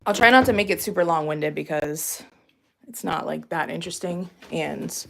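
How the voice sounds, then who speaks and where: Doing chores at home, a young Massachusetts woman talks to her viewers in a chatty, rambling way, full of "like" and "um," slightly out of breath. Her voice is on the low side and gravelly, moving at a moderate pace.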